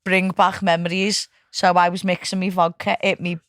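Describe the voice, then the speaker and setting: A woman's voice: fairly low pitch, little pitch movement, moderate pace, fairly bright tone, dry recording. A woman, a podcast guest, chatting and laughing with plenty of swearing. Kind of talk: casual banter.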